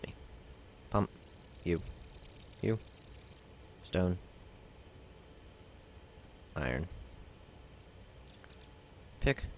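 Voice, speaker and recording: A man's voice: low voice, vocal fry, slight background noise. A man giving casual gameplay commentary, rambling and self-mocking as he talks himself through crafting. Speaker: let's play gamer.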